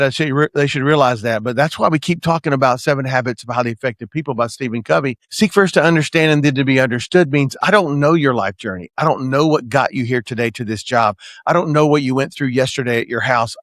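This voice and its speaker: A man's voice: mid-range voice, no room sound, studio quality. A man hosting a podcast, giving an earnest motivational coaching talk and often checking in with "right?". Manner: earnest, preacher-like, keeps asking "right?". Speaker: podcast host and management consultant.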